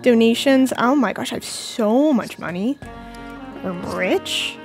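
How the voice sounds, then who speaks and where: A woman's voice: fairly high pitch, lively intonation, slow pace, soft background music. A young woman streaming a game at home, chatting playfully with her viewers as she plays. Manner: chatty, playful, talks to chat. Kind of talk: casual gameplay commentary. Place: indoors at home, cold room.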